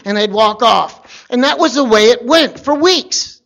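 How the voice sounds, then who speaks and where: Wry gravelly-voiced man telling a story. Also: very high voice, a little slow. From Virginia. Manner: wry, conversational, deadpan asides. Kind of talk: personal storytelling.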